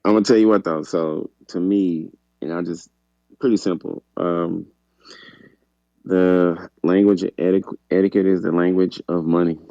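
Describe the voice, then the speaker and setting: A man's voice: low voice, normal speed, no room sound. A man co-hosting a podcast, chatting casually in an easygoing, musing way with lots of "you know". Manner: relaxed, musing delivery with frequent "you know". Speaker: podcast co-host. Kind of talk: casual chat. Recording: slightly dull, dry lo-fi sound.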